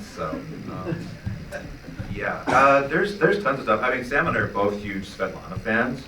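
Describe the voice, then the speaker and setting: A man's voice: medium pitch, big pitch swings, measured pace, noisy background. A man on a film panel talking enthusiastically, stumbling over repeated restarts. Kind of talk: panel Q&A answers. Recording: echoey hall, distant mic.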